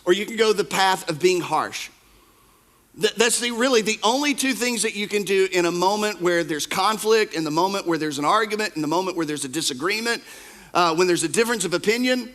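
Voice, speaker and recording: Emphatic high-voiced male pastor preaching. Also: lively intonation, a little fast. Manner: emphatic, repeats key phrases; swings between soft asides and loud outbursts. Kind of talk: sermon. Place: church.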